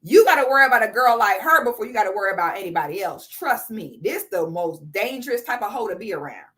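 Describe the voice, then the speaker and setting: A woman's voice: medium pitch, expressive, quick pace, a bit bright. A woman in her thirties giving blunt, profane, sarcastic commentary on a live stream. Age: 30s.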